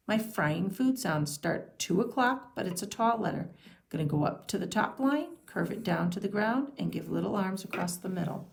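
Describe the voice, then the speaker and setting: A woman teacher giving a patient phonics and handwriting lesson to young children, sounding out each letter slowly. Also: fairly low pitch, animated, gravelly.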